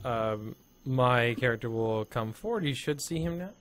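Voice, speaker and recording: Soft-spoken hesitant man gaming. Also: mid-range voice, expressive, moderate pace, slight background noise. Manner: hesitant, many fillers and restarts, softly spoken. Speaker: player. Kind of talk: casual tabletop game play.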